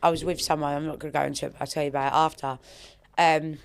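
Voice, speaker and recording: Host: woman, deep low voice, chatty, salty language, throws in "darling". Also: level tone, racing, vocal fry, clear, resonant tone. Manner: chatty, swears freely, calls people darling. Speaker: podcast host. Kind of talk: casual interview chat.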